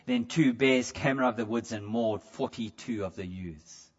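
In lo-fi sound, a medium-pitched man preaches at a normal speed in a chatty style. He stumbles over repeated words and puts questions straight to the people in the pews.

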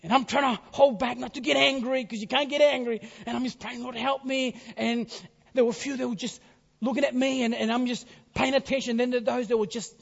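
A man preaching a sermon, swinging between forceful emphasis and hushed, whispered phrase endings. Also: very high voice, creaky. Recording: dull sound in a reverberant hall.

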